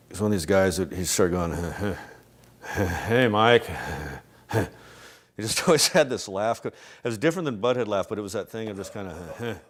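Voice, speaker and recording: A middle-aged man in an interview, talking casually and rambling, often restarting his sentences and laughing softly. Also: sits low. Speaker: interviewee, animation creator. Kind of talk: casual reflective interview talk.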